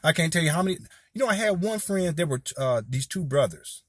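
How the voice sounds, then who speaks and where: The clip features a video commentator in his 40s, from Southern California, who heatedly rambles to the camera and calls his viewers "y'all." His pitch is on the high side with lively intonation, the pace a little fast, and the studio-quality audio has no echo.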